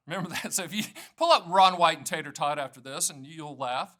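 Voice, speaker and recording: A man's voice: high-pitched, brisk, hardly any pauses, sharp tone. A man in his sixties from North Carolina, an annuity agent talking to camera in a folksy, joking sales patter. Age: 60s. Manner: folksy, jokey salesman patter with self-promotion. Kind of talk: direct-to-camera explainer.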